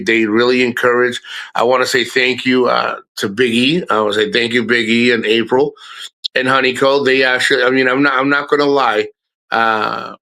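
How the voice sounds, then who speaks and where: A man's voice: mid-range voice, pushed and bright. A middle-aged man streaming live, talking casually and candidly, swearing and restarting his sentences often. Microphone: streaming microphone.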